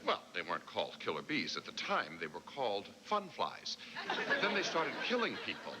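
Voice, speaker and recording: A wry, deadpan heavenly boss in a 1990s sitcom. His low voice still moves freely, with loud hiss from an old TV copy. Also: moderate pace. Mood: dry. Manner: dry, deadpan wit. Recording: noisy, hissy TV recording.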